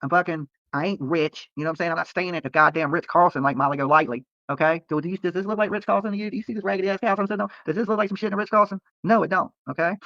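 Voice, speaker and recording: Here a livestreamer stands at a roadside by a protest, firing off a defensive, foul-mouthed, meandering rant to his audience, tacking "okay?" onto his points. His voice sits high and comes rapid-fire with few pauses. There's no room sound, and the recording is muffled.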